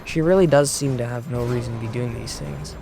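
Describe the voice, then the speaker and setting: A man's voice: medium pitch, gravelly, dark tone. Man narrating a video essay. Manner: measured, explanatory. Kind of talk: scripted narration. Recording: voice-over with faint background music.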